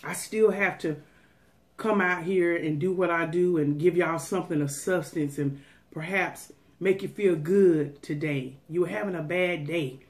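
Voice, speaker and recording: A woman's voice: lowish voice, measured pace. A woman food vlogger chatting casually to her viewers, folksy and preachy, giving them a pep talk.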